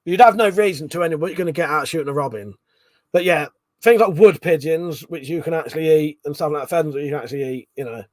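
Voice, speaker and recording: A man's voice: a little high, quick pace, a little mellow, no room sound, studio quality. A British man hosting a casual late-night livestream. He is tipsy, laughs often, swears freely and reads chat comments aloud. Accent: British English. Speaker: livestream host.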